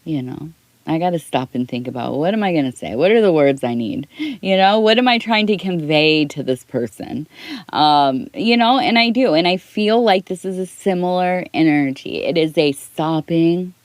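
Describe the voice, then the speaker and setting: Woman, middle-aged, soft-spoken ASMR tea leaf reading, rambling, lowish voice, dry close recording. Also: lively intonation, normal speed, no echo. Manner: rambling, talks in circles with restarts.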